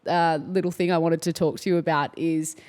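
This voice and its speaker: A woman's voice: deep voice, steady tone, brisk, a little mellow. A woman hosting a casual interview, prompting her guest with encouraging affirmations. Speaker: interview host.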